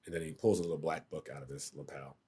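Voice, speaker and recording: A man's voice: rumbling low, fairly even intonation, fast talker, dark tone. A middle-aged man telling a story as a podcast guest, acting out quotes and sound effects as he goes. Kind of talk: casual storytelling.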